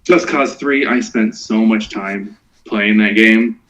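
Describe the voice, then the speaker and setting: A man's voice: fairly low pitch, takes it slowly, fairly bright tone, a little hiss or hum. A man giving his picks on a gaming podcast, hesitant and full of ums. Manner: hesitant, filler-heavy. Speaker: podcast panelist. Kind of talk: casual gaming podcast chat. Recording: dull lo-fi recording.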